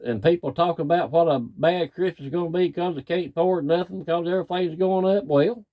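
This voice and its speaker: A man's voice: a little high, brisk, highs cut off. A middle-aged man, a cattle farmer ranting in plain, folksy, angry talk. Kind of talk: frustrated rant to camera.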